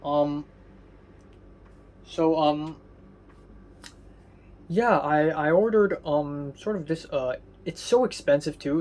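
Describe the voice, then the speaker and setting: A man's voice: on the high side, a little mellow. Rambling young man vlogging casually. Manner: rambling, swears casually, halting with fillers. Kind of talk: casual vlog chat.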